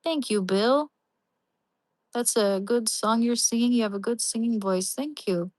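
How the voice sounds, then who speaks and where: A woman's voice: fairly high pitch, unhurried, dry recording, rough recording. Young woman livestream host, casual and rambling, talking to her chat. Dry, close sound. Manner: talks to chat viewers by name, rambling with many restarts.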